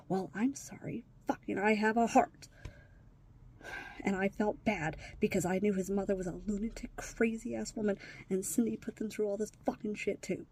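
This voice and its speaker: A woman's voice: medium pitch, normal speed, warm tone, breathy edge. A woman talking to her phone on a hard day, upset, sighing and swearing, often dropping to a whisper. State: distressed. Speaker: vlogger. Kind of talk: emotional personal vlog.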